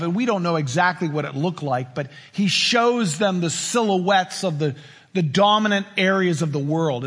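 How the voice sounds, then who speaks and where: A man pastor preaching a sermon in a conversational style, acting out quoted lines, with a husky voice in a reverberant church. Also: high-pitched, fairly bright tone. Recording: reverberant hall.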